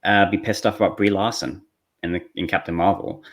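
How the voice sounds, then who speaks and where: A man's voice: sits low, steady tone, a little fast. A man co-hosting a podcast, talking in a rambling way with frequent restarts. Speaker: podcast co-host. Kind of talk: casual podcast chat.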